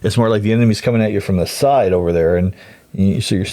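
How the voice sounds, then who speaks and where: A man in casual chat, explaining in a measured, unhurried way. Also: lowish voice, dark tone, no echo.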